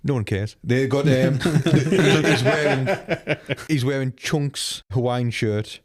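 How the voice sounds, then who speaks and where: A man's voice: mid-range voice, slow. A man co-hosting a movie podcast, explaining points at length in casual chat. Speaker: podcast co-host.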